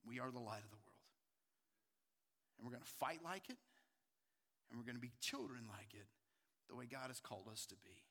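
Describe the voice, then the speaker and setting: A male pastor preaching a sermon with passion, swinging from loud urgency to hushed emphasis. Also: mid-range voice, fairly quick, long pauses, long reverb tail.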